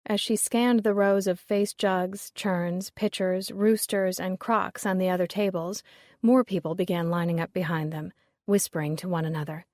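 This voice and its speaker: A woman narrating a mystery audiobook in a steady, even, descriptive way. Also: on the low side, moderate pace, no echo, clean studio sound.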